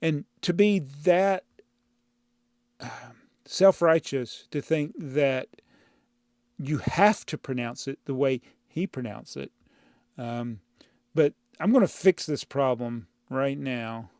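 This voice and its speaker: A man's voice: medium pitch, takes it slowly, long pauses, a little mellow, dry recording. A man hosting a channel, answering viewer comments in a rambling, exasperated way that often breaks into laughs, speaking into a clip-on mic in a home studio. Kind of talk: casual chat. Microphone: clip-on mic inside a brick-built housing.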